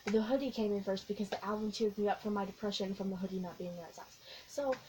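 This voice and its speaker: A young woman vlogging, telling a long, excitable story in a casual, rambling way with lots of giggles. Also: medium pitch, fast talker, rough recording. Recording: faint background noise.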